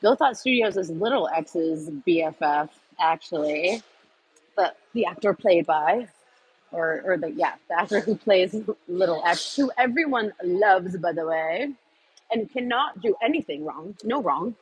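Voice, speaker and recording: A woman's voice: fairly low pitch, lively intonation, unhurried, slightly rough, low-quality recording. A woman hosting a casual livestream, rambling from topic to topic with lots of fillers and answering viewer comments as she goes. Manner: scattered, trails off with many fillers. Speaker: livestream host.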